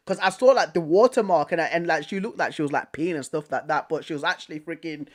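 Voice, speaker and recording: Animated young British man telling a story. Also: a little high, fast talker, few pauses. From Manchester, England. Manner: animated, repetitive, slangy retelling. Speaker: vlogger. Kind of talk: casual storytelling.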